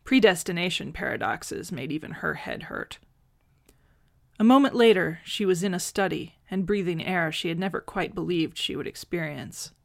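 A woman reading fan fiction aloud in a gentle, measured narrating voice. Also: fairly low pitch, expressive, vocal fry. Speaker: audiobook reader.

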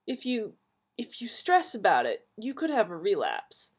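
A woman voicing a blunt, sharp-tongued middle-aged mother who talks briskly and matter-of-factly. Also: mid-range voice, wildly swooping pitch, husky, pitched above the performer's own voice, heavily acted. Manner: snappish and matter-of-fact.

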